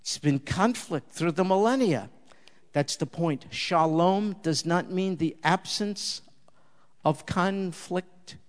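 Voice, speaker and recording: A man preaches with a fairly high voice, climbing to loud emphatic peaks and then dropping to a near hush in prayer. His words ring out with a long reverb, as if spoken in a large hall. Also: slow pace. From Jewish believer in Jesus. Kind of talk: sermon with closing prayer.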